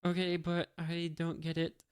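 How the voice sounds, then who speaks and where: A reader voicing a cheerful young male pirate captain while reading a comic aloud, saying his lines slowly and plainly. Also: medium pitch, monotone, clean tone, no room sound, clean studio sound, lightly acted.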